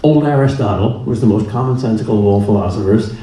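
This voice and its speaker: Speaking fast in a mellow, somewhat low voice, this man delivers a public lecture. His manner is plain and funny, and he repeats himself to drive each point home. The recording carries room echo and a faint ambient hum.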